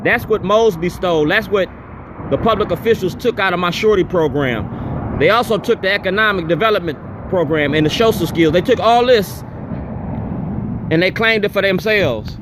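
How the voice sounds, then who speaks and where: Guy ranting defiant outdoors, high voice, faint street noise behind. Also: normal speed. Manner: defiant, repetitive, confrontational. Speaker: activist speaking at a town hall. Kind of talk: impassioned public speech.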